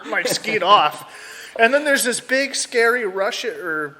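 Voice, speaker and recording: A young American man telling a story casually as a podcast guest, animated and acting out voices. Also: high-pitched, moderate pace, in a large hall, over a noisy crowd. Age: young adult. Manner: animated, acts out voices in his stories.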